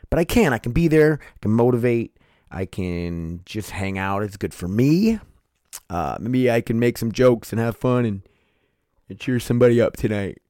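A man's voice: on the low side, expressive, moderate pace, a little mellow, dry recording, studio quality. A man hosting his own podcast in loose, rambling, profane chat, sleepy and yawning, calling his listeners "you guys" and "dude.". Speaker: podcast host.

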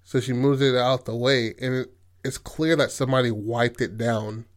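Speaking at normal speed with an everyday middle pitch, a man chats his way through a movie's story in laid-back podcast fashion. He swears freely and keeps saying "like" and "you know what I mean."

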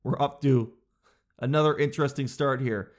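Casting: young male host, comic monologue, jumps between high clerk impressions and a low flat deadpan. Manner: animated storytelling, acting out clerks in a high voice; drops low and slow to demonstrate a flat no. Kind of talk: comedic monologue.

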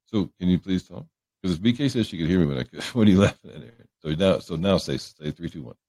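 A man's voice: low-pitched, expressive, fast, mellow, no echo. A man hosting a livestream, chatting casually and joking as he greets viewers by name. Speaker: livestream host. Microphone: headphones on a livestream setup.

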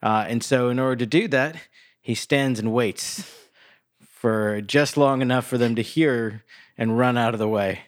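Male co-host, casual episode recap, unhurried, mid-pitched. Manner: relaxed storytelling with many "uh"s. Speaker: podcast co-host.

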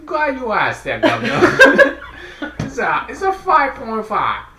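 A man's voice: very high voice, huge pitch swings, slow, reverberant, a crowd in the background, pitched above the performer's own voice, full character voice. A man putting on a hammy mock British-Australian accent, voicing a jovial matey bloke while reading a beer label aloud. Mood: playful. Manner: exaggerated, laughing through it.

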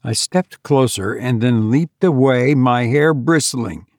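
A man reading a first-person adventure story aloud in a measured, deliberate way. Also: mid-range voice, a little mellow, no echo, studio quality. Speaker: narrator.

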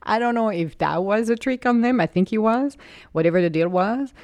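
A woman's voice: mid-range voice, animated, moderate pace, a little mellow, dry recording. A woman telling her own life story to an audience in an emotive, rambling, motivational way. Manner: emotive, rambling, with laughs and restarts.

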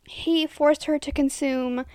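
A young woman hosting a podcast, telling a true crime story casually, full of "like" fillers and often falling to a soft half-whisper. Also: sits high, fairly even intonation, slow pace, dry recording, studio quality. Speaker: podcast host.

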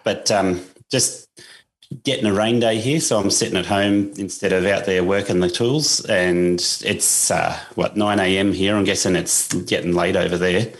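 Deep-voiced, easygoing Australian man. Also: normal speed. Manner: relaxed, easygoing, laid-back. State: slight tickle in the throat. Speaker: guest, lawn care business owner. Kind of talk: casual interview chat. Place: at home.

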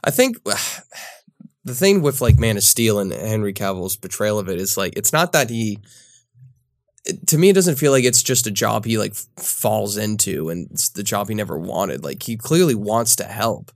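A man co-hosting a casual film debate, relaxed and thoughtful. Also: fairly low pitch, normal speed, no echo, clean studio sound. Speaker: podcast co-host.

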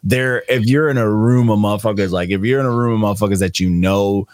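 A man's voice: lowish voice, steady tone, fast talker, a little mellow, dry recording. A young man co-hosting a podcast, chatting casually about albums in a rambling, slangy, profane way. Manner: laid-back, slangy, profane, rambling with fillers. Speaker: podcast co-host reviewing albums. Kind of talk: casual chat.

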